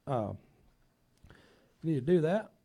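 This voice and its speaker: A man's voice: on the high side, very animated, unhurried, warm tone. A man hosting a casual talk show, folksy and rambling, a bit under the weather.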